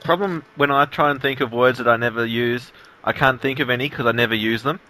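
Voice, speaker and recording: Australian man, podcast co-host, laid-back and mild, bright crisp tone. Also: mid-range voice, fairly quick, poor audio. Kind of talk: casual podcast chat.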